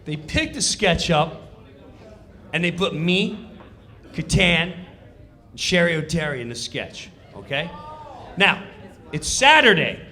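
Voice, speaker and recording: A man telling a comic backstage story, excited and theatrical, acting out the scenes as he goes. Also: on the high side, slow, long pauses. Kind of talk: animated comedic storytelling.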